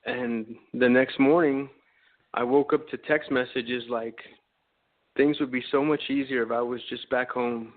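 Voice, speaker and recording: Caller: man from Texas, mid-pitched voice, calm and a little hesitant, thin phone-line sound. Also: a little slow.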